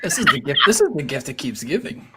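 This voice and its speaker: A co-host steering a casual chat over a video call, joking and brisk. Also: mid-range voice, sing-song, heavy background noise.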